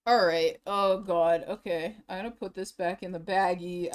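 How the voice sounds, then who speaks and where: A woman's voice: fairly low pitch, fairly even intonation, normal speed, hardly any pauses. Woman streamer, casual livestream chat, tired and drained, rambling, emotional. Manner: rambling, emotional, laughing through sadness.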